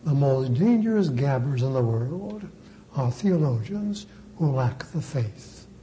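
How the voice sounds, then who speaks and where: A priest preaches very slowly and emphatically, repeating words deliberately to drive them home. His mid-range voice sounds very dark, mellow, and expressive. The low-quality recording carries a faint hiss underneath.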